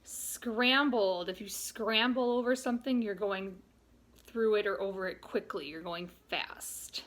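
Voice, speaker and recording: A woman's voice: medium pitch, fairly bright tone. A woman, a young adult teacher explaining vocabulary and spelling patiently to young students in a remote lesson. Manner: patient, explains slowly with examples. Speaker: third grade teacher.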